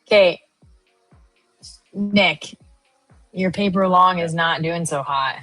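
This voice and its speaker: A woman in her thirties co-hosting a live trading stream, chatting casually and telling a lively story with animated quoted voices. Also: lowish voice, slow pace, no room sound, faint music behind. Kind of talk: casual chat.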